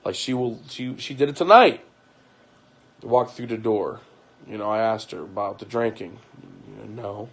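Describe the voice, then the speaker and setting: A young man live-streaming from home, talking in a weary, aggrieved way, halting and repeating his words. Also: on the low side, gravelly, breathy edge. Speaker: livestreamer. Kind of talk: emotional live-stream monologue.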